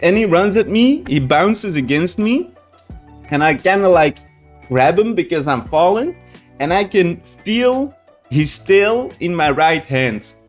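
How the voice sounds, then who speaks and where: Casting chatty swearing man, slightly high voice. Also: very animated, takes it slowly, soft background music. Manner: rambling, frequent swearing and restarts. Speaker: reaction channel host. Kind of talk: casual storytelling to viewers.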